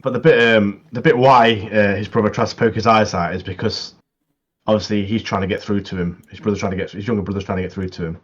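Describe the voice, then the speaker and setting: A man with a fairly low voice chats casually about an anime episode, agreeing often with a relaxed "yeah". His recording sounds slightly dull and muffled. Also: fast talker. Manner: agreeable, many "yeah"s, chuckles between points. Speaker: podcast co-host. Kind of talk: casual anime recap chat.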